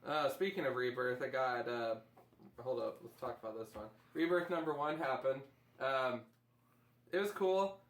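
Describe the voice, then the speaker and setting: A man's voice: mid-range voice, normal speed, roomy sound. A man hosting a casual chat, enthusiastically rambling through comic reviews. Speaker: host.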